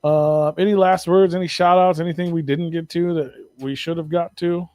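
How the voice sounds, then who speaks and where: A man's voice: fairly high pitch, steady tone, normal speed, darkish tone, no echo. A man hosting a show, chatting in a laid-back, profane, enthusiastic way. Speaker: host. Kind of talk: casual chat.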